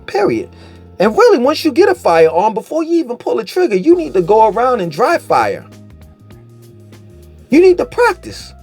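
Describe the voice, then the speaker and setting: A man vlogging a casual commentary rant, animated, profane and mocking in tone. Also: very high-pitched, normal speed, long pauses, breathy edge, soft background music.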